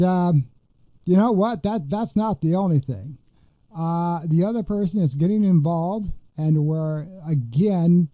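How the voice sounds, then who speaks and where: A man's voice: on the high side, no echo, dull audio. A man hosting a political commentary podcast, talking in a rambling, indignant way with many fillers and restarts. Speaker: podcast host.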